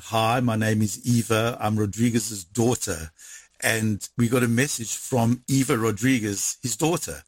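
Man, husky, dry close sound, lively storyteller who acts out quotes. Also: medium pitch, dry recording. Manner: animated, re-enacts dialogue in quick bursts. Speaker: interviewee recounting events. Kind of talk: conversational storytelling.

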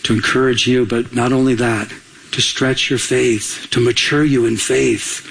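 A man's voice: medium pitch, fairly even intonation, unhurried, creaky, fairly bright tone, husky, rough recording. A man preaching as a pastor, emphatic, repeating key phrases and asking the congregation questions. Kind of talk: sermon.

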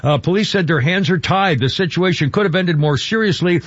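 A male talk radio host with a somewhat high voice, rambling through an indignant, mocking monologue. He stumbles and restarts often. The sound is dry and a little dull. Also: brisk, dry recording.

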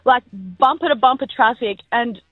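Brief: 20s Australian woman caller, slightly high voice, dry phone-line sound. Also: normal speed, husky. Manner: chatty, filler-heavy storytelling. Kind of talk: telling a story on air.

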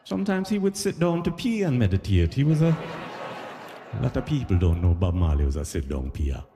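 A man performing a chatty, animated stand-up comedy set in front of a live audience. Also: fairly low pitch, fairly quick, noisy background. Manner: animated, chatty, frequent "you know what I mean". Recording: live hall with long reverb.

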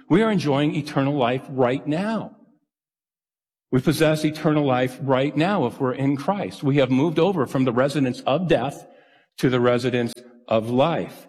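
A man's voice: medium pitch, darkish tone, in a large hall. A man preaching a sermon as pastor, with earnest, emphatic storytelling.

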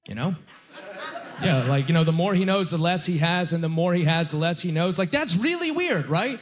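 Young man doing stand-up. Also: fairly high pitch. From Halifax, Nova Scotia, Canada. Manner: conversational, self-deprecating, lots of likes and you-knows. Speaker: stand-up comedian. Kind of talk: stand-up comedy set. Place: comedy club stage with a live audience.

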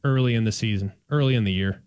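A man's voice: on the low side, quick pace, dry recording, muffled recording. A man from the Dallas-Fort Worth area, co-hosting a sports talk show in a playful, emphatic way. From Dallas-Fort Worth, Texas. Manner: animated, playful, emphatic storytelling. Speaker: sports radio co-host.

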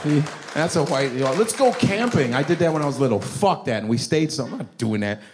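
A man doing stand-up comedy, profane and animated, jumping into voices. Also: medium pitch, fast talker, crowd noise, noisy background.

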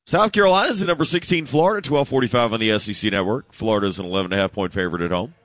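A man's voice: fairly low pitch, racing, a bit bright, dry recording. Wry man co-hosting sports radio. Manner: casual, wry, rambling asides. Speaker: radio co-host.

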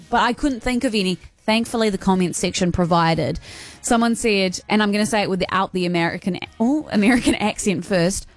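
A woman radio host, chatting playfully and casually, quick to laugh. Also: medium pitch, expressive.

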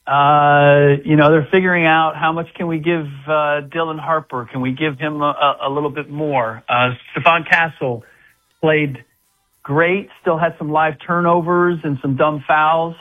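This man, a guest sports analyst, talks casually about basketball in a fairly high, steady voice at an unhurried pace. He restarts often and uses plenty of fillers, and the audio sounds like a tinny phone line.

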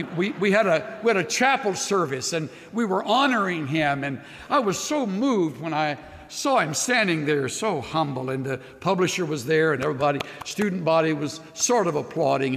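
An older male pastor delivers a sermon in a slightly higher voice that carries a long reverb through a large sanctuary. He talks earnestly, sinking into hushed, almost whispered phrases and then climbing into emphatic declarations. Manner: earnest, swings from soft near-whispers to rising emphatic declarations.

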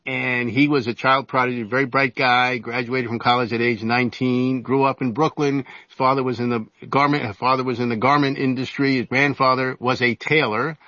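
A man's voice: mid-range voice, steady tone, bright, forceful tone, no echo. A man in his seventies tells long stories as an interview guest. He stumbles and restarts his sentences often. The sound is dry and a little dull. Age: 70s. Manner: halting, many fillers and restarts. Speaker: interview guest, author and journalist. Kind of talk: casual storytelling interview.

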